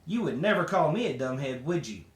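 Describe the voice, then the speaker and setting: A man's voice: fairly high pitch, very animated, brisk, pitched below the performer's own voice. A man voicing an anxious, stubborn little girl who is teased by her sisters, talking earnestly, in an echoey room. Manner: earnest, pleading. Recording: roomy echo.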